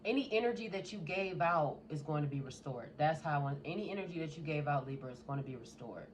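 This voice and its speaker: A woman's voice: sits low, expressive, fast, slight background noise. Blunt, profane woman tarot reader. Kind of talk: casual tarot reading.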